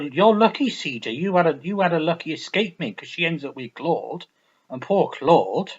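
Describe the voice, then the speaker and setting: A man's voice: fairly high pitch, husky, lo-fi sound. Rambling, foul-mouthed man. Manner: rambling, profane, repetitive. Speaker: gaming vlogger. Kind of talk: casual game review rant.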